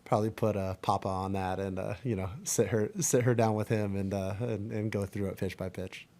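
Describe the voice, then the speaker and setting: A man in his thirties answering reporters' questions at a press conference, halting and full of fillers and restarts. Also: on the low side, fairly even intonation, mellow. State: choked up, near tears. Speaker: baseball pitcher at a press conference.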